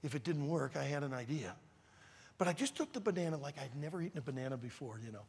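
A man preaching a storytelling sermon to a youth conference in an animated, dramatic way. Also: a little high, fast, husky. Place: large church auditorium. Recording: reverberant large hall.

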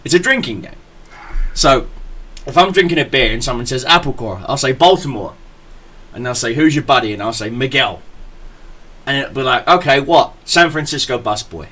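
Man, podcast host, lively bright voice, rambling crude stories, faint hiss. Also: medium pitch, moderate pace. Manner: rambling anecdotes, loud laughing, stammering restarts. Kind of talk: casual chat, storytelling.

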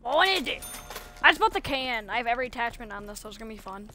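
A woman's voice: fairly high pitch, animated, very fast, pushed and bright, slight background noise. A woman streaming a video game, chatting casually and coaxing, repeating herself a lot. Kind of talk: casual live-stream chatter while playing.

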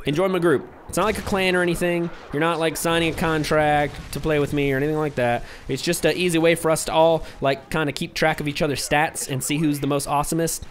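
A man's voice: a little high, a little hiss or hum. A young man giving casual, rambling commentary over his video game play, hyper and easily distracted. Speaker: gaming commentator.

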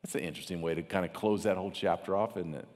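A man's voice: sits low, very fast, darkish tone. A man preaching a sermon as pastor. He talks with animation and acts out mocking voices. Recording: long hall reverb.

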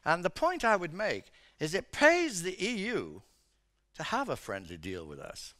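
A man's voice: high-pitched, huge pitch swings, measured pace, sharp tone. An older man from Britain, an economics professor giving a chatty seminar lecture, full of "you know" fillers.

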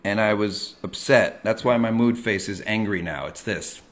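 A middle-aged man hosting a comic monologue, ranting and self-mocking with sudden loud yells. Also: fairly low pitch, normal speed. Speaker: comedian host.

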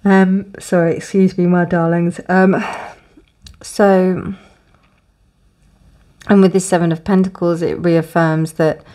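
Woman, low voice, casual tarot reading, rambling, lots of fillers. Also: little pitch movement, slow, long pauses, warm tone. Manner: rambling, many restarts and fillers. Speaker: tarot reader. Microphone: close, dry room with windows closed.

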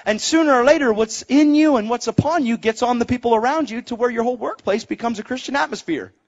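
A man preaching a sermon to a crowd, animated and excitable, swinging between hushed and loud delivery. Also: very high-pitched, fast. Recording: dull lo-fi sound.

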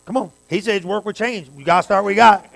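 A man pastor preaching a sermon, talking straight to his congregation and building to fervent, loud stretches. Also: high voice, quick pace, gravelly. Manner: preaching with rising fervor, direct address to the congregation.

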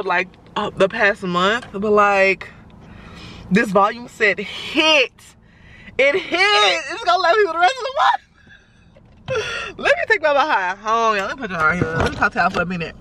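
A woman's voice: medium pitch, bright, forceful tone. A woman, a makeup artist talking casually to her vlog camera while driving, rambling and easily exasperated. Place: in a car while driving in traffic. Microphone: camera in the car. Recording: car noise behind the voice.

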